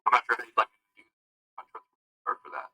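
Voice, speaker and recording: A man's voice: fast, bright, forceful tone, poor audio. A man playing a tabletop game, asking careful questions about the rules. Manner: asks careful clarifying questions. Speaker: player. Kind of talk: casual tabletop game talk.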